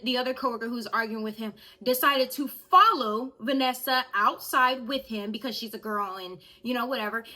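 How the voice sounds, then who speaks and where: A young woman telling a storytime vlog in an animated way, speaking straight to her viewers. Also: a little high. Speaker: vlogger.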